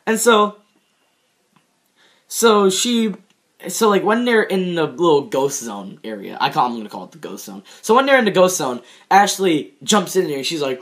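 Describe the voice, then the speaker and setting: A man's voice: fairly high pitch, very animated, moderate pace, fairly bright tone. A young man in his teens giving a casual, rambling review of a TV episode, full of fillers and restarts and laughing at his own jokes. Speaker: show reviewer.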